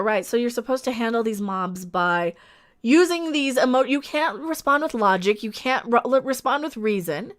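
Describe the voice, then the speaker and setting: A woman hosts a livestream with a high, smooth voice. She rants with passion, stacking up rhetorical questions, and stops to read out viewer comments. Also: fairly bright tone. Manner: impassioned, ranting, reads viewer comments aloud. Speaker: livestream host.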